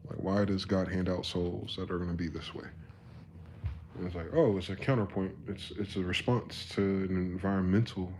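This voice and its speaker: A man in his thirties with a lowish voice rambles through a casual live-stream monologue. His talk is loose and profane, sinking to quiet musing and then climbing to loud ranting. Faint room noise sits behind him. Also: fairly even intonation, moderate pace.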